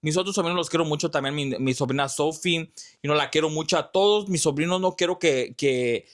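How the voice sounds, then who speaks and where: A man's voice: a little high, fast. A young man hosting a vlog, telling stories in a loose casual chat full of fillers and swearing. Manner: animated storytelling, lots of fillers and swearing. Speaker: vlog host.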